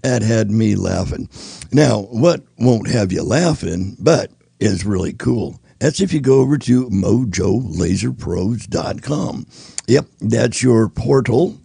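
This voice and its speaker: A man talks slowly in a folksy, rambling way, stretching his fillers as he goes. His voice is deeply gravelly and husky, with a dark, mellow tone. The sound is dry and close. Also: animated, no echo. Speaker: podcast host. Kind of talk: casual chat.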